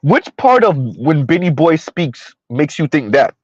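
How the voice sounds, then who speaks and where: A man's voice: fairly high pitch, big pitch swings, unhurried, dry recording, dull audio. A man hosting a ranting commentary video, heated and repetitive, firing rhetorical questions at his viewers. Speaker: commentary channel host.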